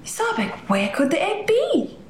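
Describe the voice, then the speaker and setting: A woman voicing a caring, eager little girl in a high, sing-song child voice. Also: huge pitch swings, a little slow, a little hiss or hum, exaggerated voice. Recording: roomy echo.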